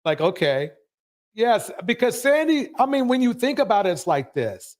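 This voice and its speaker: A man's voice: extremely high pitch, very animated, moderate pace. A man hosting a live show, commenting emphatically and ranting about what he has just watched. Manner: emphatic, ranting, repeats himself.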